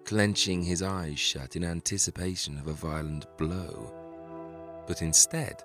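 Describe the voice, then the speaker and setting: A man narrating a scripted historical story in a measured, dramatic way. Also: deep voice, steady tone, fairly bright tone, faint music behind.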